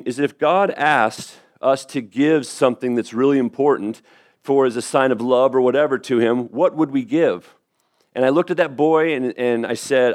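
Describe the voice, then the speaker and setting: A middle-aged man preaching a sermon as pastor, telling a story in a conversational way with quick asides and restarts. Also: medium pitch.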